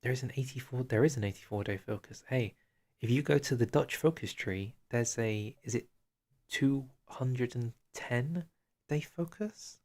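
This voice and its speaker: Young male streamer, gravelly edge, loose chatty commentary, a bit winded. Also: medium pitch, normal speed. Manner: chatty, chats with viewers, trails off into quiet asides. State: out of breath. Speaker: streamer reviewing a strategy game dev diary. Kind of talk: casual live-stream commentary.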